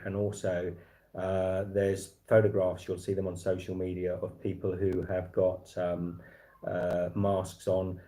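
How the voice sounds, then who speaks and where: A man's voice: on the low side, warm tone. A man hosting a casual livestream, talking in a rambling way with many restarts and fillers. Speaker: livestream host.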